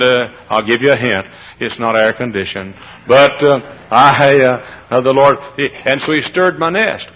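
A man preaching a sermon as pastor, moving from quiet storytelling to shouted, high-pitched climaxes. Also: creaky, breathy edge. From Texas. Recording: dull, muffled lo-fi sermon recording.

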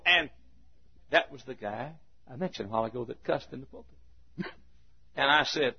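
A man preaching a sermon full of stories, swinging between shouted points and hushed asides, chuckling as he goes. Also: fairly high pitch, expressive, moderate pace, gravelly, pauses often, slightly rough. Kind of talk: sermon with storytelling. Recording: dull lo-fi recording.

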